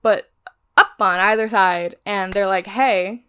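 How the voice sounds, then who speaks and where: A woman's voice: medium pitch, takes it slowly, sharp tone, smooth. A woman giving a casual, rambling recap of a crime novel she is reading, going off on tangents and swearing freely. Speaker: book reviewer.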